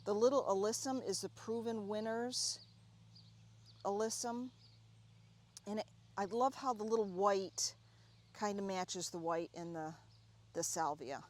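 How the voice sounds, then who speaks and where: A woman giving a casual, chatty tour of her home garden, talking warmly and excitedly about her plants as she walks. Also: medium pitch, measured pace, pauses often. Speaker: gardening vlogger.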